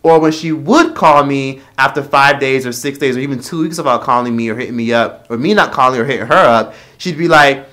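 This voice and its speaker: Brief: a man of middle pitch, casual vlog rant, blunt and profane. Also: fairly quick, few pauses, bright, forceful tone. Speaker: vlogger.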